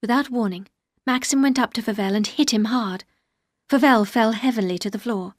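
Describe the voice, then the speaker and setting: Woman narrator, clear even reading, dry close studio sound, audiobook. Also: fairly high pitch, moderate pace, no room sound. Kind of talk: scripted audiobook narration for learners.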